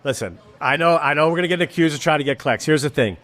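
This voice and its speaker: A man's voice: fairly high pitch, fast talker, fairly bright tone. An older man from Rochester, New York, with a Western New York accent, hosting a live podcast in a bar and telling long, rambling stories full of swearing. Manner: rambling storyteller, heavy swearing, restarts. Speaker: podcast host. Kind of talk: profane live podcast banter. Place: neighborhood bar.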